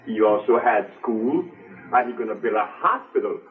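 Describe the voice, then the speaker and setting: A man's voice: fairly low pitch, animated, moderate pace, phone-quality sound. An older man giving an impassioned speech to a live audience, emphatic and repeating phrases for stress. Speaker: speaker to an audience. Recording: distant mic with faint music.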